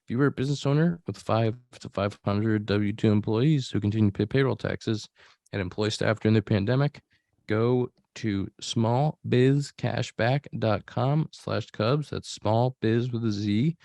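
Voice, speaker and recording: A man hosting a podcast, reading a sponsor ad slowly and deliberately. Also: fairly low pitch, gravelly, mellow, dry recording. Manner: slow, deliberate ad delivery. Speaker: podcast host. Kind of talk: podcast chat and read ad.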